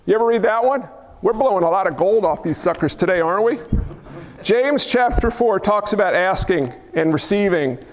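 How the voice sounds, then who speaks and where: A high-pitched man preaches to his church, casual and conversational, firing rhetorical questions at the congregation and joking with them. His voice rings out with a long hall reverb from the sanctuary. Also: lively intonation, moderate pace. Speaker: pastor. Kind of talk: sermon.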